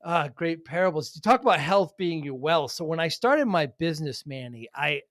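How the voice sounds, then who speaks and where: A man's voice: fairly high pitch, animated, normal speed, fairly bright tone, dry recording, studio quality. A middle-aged man co-hosting a casual talk, telling rambling stories and laughing often. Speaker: podcast co-host, business owner. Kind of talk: casual conversation.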